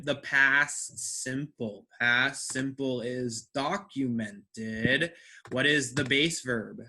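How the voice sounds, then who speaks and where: A man's voice: medium pitch, pushed and bright. A man teaching an English class, who checks understanding with frequent "right?" and repeats words to drill their stress.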